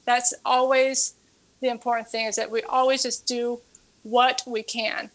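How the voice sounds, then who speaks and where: Earnest woman fitness coach, somewhat high. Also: little pitch movement, moderate pace, fairly bright tone. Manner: earnest, repeats words often. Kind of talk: storytelling interview guest.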